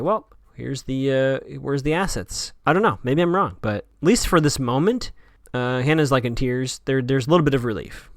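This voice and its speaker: A man's voice: mid-range voice, no echo, studio quality. A man hosting a podcast, casually retelling TV scenes and quoting the characters as he goes. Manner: chatty, retells scenes with quoted lines. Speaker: podcast host recapping a TV episode. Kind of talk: casual solo recap.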